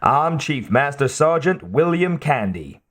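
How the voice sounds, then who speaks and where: A man's voice: on the high side, sing-song, a little slow, a bit bright, full character voice. A man reading as an earnest male soldier in a promotional video, with a put-on Texan drawl.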